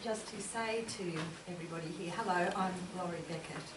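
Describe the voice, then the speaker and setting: A woman academic briefly announcing an event to a seminar audience in a brisk, friendly, jokey way. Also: fairly low pitch. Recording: echoey room, distant mic, loud background noise.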